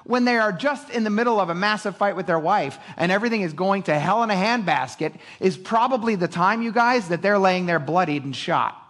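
A man's voice: high voice, lively intonation, brisk, hardly any pauses, fairly bright tone. A middle-aged male pastor giving a casual, conversational sermon, acting out quotes with lots of energy and laughing often.

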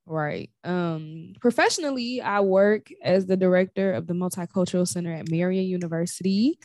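A young woman from Chicago with her home accent chats candidly as a podcast guest, relaxed and easy to laugh. Her voice sits a little low and the sound is dry and close. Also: normal speed, no room sound. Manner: laid-back, laughs often, candid. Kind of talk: casual podcast chat.

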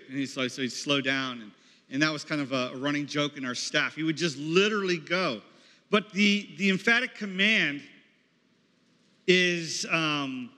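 This campus ministry leader's voice is fairly high, pushed and bright, moving at a normal speed. His sermon, recorded in an echoey hall, is conversational, and he singles out people in the audience.

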